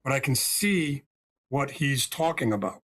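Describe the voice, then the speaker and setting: A man's voice: medium pitch, expressive, measured pace, a bit bright. A man from the United States telling a story as a podcast guest and spiritual healer, emphatic and often checking in with "right?" and "okay?".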